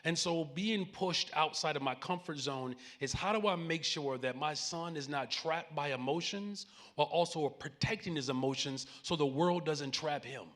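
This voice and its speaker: A man's voice: fairly high pitch, moderate pace, few pauses, fairly bright tone. A man in his forties with a Chicago accent, the mayor speaking on a conference panel, earnest and preacherly, joking with the audience. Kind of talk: conference stage conversation. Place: conference main stage before a live audience.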